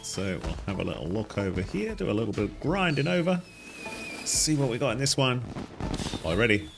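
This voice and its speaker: A man's voice: mid-range voice, very animated, brisk, vocal fry, over music. A man giving casual commentary on a game he is playing, chatty and easily delighted, with frequent exclamations. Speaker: gaming guide host.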